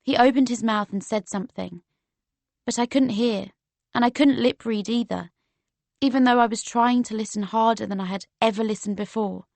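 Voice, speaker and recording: A woman's voice: on the high side, moderate pace, gravelly, a little mellow, no room sound. Woman narrating an audiobook, dry sound. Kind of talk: first-person audiobook narration.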